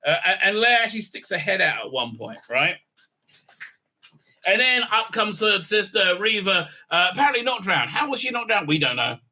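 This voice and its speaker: A man's voice: high voice, very animated, moderate pace, sharp tone. A man giving an exasperated, sarcastic recap review, full of "uh" fillers. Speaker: YouTube reviewer. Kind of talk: ranting episode recap.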